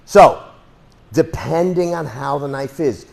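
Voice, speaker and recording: A man's voice: a little high, animated, slow, creaky, darkish tone. Rambling, sarcastic male self-defense instructor. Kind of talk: casual live class talk.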